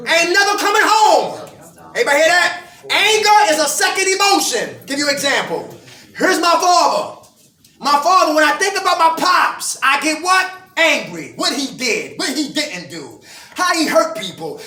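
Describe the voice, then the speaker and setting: A man's voice: very high-pitched, bright, forceful tone. A middle-aged man giving a preaching-style recovery talk, firing call-and-response questions at his audience. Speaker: recovery group speaker. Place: indoor meeting room with an audience. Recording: echoey room, voice from far off.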